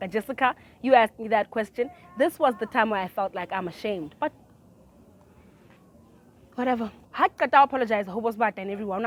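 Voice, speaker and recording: A woman telling a personal story in casual chat. She swings from low mutters to loud outbursts and often laughs as she talks. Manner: laughs through her own story.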